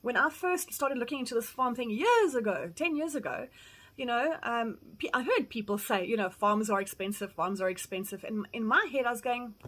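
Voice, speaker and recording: A woman's voice: on the high side, lively intonation, moderate pace, a bit bright, low-quality recording. Blunt, earnest South African woman. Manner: earnest, blunt, swears casually, retells quotes animatedly. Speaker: farm vlogger. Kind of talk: candid personal advice talk.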